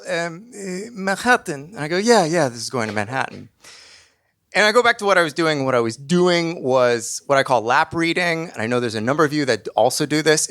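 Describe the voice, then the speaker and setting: A man telling a comic personal story on stage, lively and self-mocking. His voice sits a little high and rings bright and sharp, and he plays his own fears for laughs. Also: clear, resonant tone.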